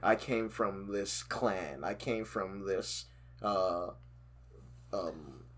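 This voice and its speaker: A man's voice: low-pitched, very slow, fairly bright tone. A man co-hosting a podcast in casual chat, laughing often and restarting his sentences. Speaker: podcast co-host.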